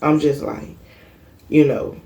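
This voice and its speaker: A woman's voice: low voice, fairly even intonation, slow pace, mellow. A young woman vlogger telling a personal story in a casual monologue, blunt, emphatic and full of cursing.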